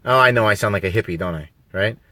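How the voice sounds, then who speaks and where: A man's voice: lowish voice, quick pace, sharp tone, no room sound. A man talking on a live video stream, rambling and emphatic, full of rhetorical questions. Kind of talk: casual live-stream monologue. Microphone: phone on a mobile signal.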